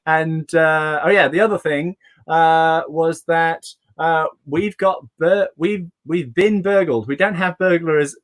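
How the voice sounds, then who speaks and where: A man's voice: on the high side, a bit bright. A young man hosting a comedy showcase, rambling through his set with fillers and chuckles. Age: young adult. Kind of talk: stand-up routine. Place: home, online showcase.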